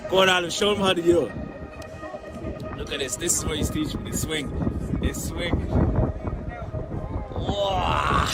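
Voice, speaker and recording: A man's voice: fairly high pitch, normal speed, long pauses, loud music behind the voice. A man in his thirties, originally from Tanzania, with an Irish accent. He chats casually and upbeat to a handheld camera, laughing often. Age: 30s. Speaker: vlogger and marketing coach. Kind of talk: casual vlog chat.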